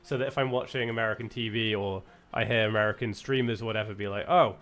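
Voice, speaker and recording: A man's voice: on the low side, fairly even intonation, quick pace, fairly bright tone. Chatty young British man, rambling. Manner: rambling, many fillers and restarts, self-correcting. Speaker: streamer. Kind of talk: casual chat while gaming.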